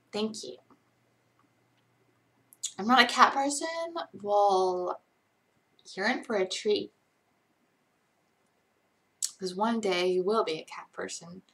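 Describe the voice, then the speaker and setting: This young woman's medium-pitched voice has vocal fry and a slightly bright edge. She runs a relaxed late-night live Q&A from home, rambling, chatting, and teasing herself often.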